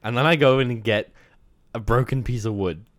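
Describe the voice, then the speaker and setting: A man's voice: medium pitch, a little fast, no echo, clean studio sound. A man telling a rambling, profane work story in casual chat.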